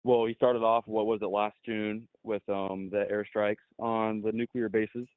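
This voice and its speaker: A young man calling in to a debate show, answering hesitantly and haltingly. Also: fairly low pitch, flat delivery, dry recording. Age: young adult. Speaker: caller. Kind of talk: phone-in debate. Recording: tinny dry phone line.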